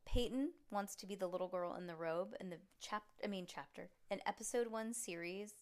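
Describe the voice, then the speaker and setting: A woman in her thirties hosting a podcast with her young daughter, talking in a chatty, excitable way full of rambling asides. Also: medium pitch, fairly quick. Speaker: podcast host and mother. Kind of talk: casual chat reading to kids.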